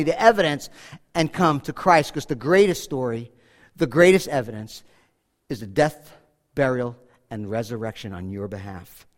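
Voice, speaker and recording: A male pastor preaching a sermon earnestly, swinging from loud appeals to hushed, quiet lines. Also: a little high. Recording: long hall reverb.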